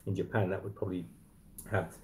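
A man hosting a relaxed late-night live stream from home. His voice sits low and sounds mellow and soft-edged. He rambles along casually, with plenty of ums and restarts. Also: brisk, a little hiss or hum. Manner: chatty, rambling, frequent fillers and restarts. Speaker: livestream host. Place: apartment at night.

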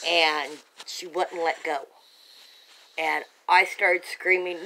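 A woman's voice: lowish voice, steady tone, takes it slowly, bright, forceful tone, slight background noise, rough recording. A woman telling her own story in an agitated, insistent way, full of restarts, into a home camera held by a family member. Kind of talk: rambling monologue to a home camera.

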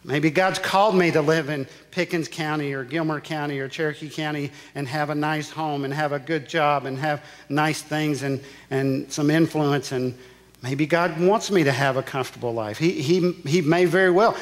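A man's voice: fairly high pitch, normal speed. A male pastor preaching a sermon, telling a personal story with emphatic repetition. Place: church sanctuary. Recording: church sanctuary with long reverb.

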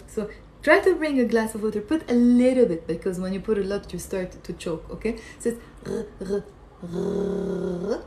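A woman's voice: a little high, darkish tone. Woman teaching pronunciation, quizzing. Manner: repeats sounds slowly, quizzes viewers with questions. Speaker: Arabic teacher. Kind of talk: live online pronunciation lesson.

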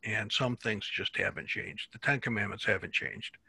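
A man teaching a Bible class in a relaxed, halting way, often repeating words as he thinks. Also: fairly low pitch, gravelly, slightly rough.

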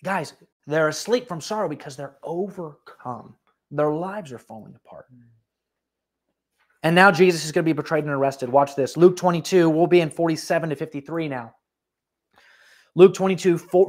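Preacher, sermon in church, animated and chatty, asks listeners straight out. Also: medium pitch, normal speed. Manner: conversational and animated, with asides and direct questions to listeners.

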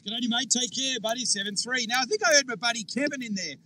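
A man's voice: very high-pitched, fast talker. A man on a ham radio contact, chatty and cheery, calling people buddy and mate, heard through a noisy radio signal.

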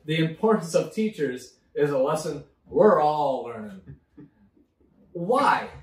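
A man's voice: fairly high pitch, big pitch swings, takes it slowly, echoey room, far from the mic, low-quality recording. A man co-hosting a casual drinking chat, ranting and swearing as he talks. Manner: profane, ranting. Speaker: podcast co-host.

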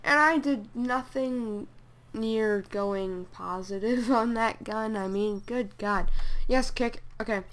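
Excitable woman gamer, slow-talking. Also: a little high. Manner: excitable, exclaims and grumbles at opponents. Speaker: gameplay commentator. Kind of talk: casual gameplay commentary.

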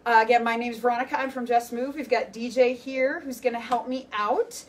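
A woman's voice: a little high, steady tone, brisk, a little hiss or hum. A young adult woman leading an animal-themed workout class, chatty and encouraging, breaking into playful animal noises. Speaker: fitness instructor. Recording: voice from a distance with faint music. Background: faint workout music.

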